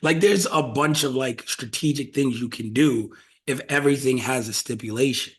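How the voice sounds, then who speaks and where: A man's voice: medium pitch, moderate pace. Loose, profane man hosting a podcast. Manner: loose, profane, brainstorming out loud. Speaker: podcast host. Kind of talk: casual podcast chat.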